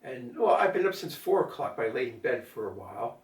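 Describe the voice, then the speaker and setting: With the power out at home, an older male vlogger talks briskly and very animatedly in a gravelly, mid-range voice. He wanders through a monologue thick with fillers, turning aside now and then to address his cat. The recording has a roomy echo from a far-off mic.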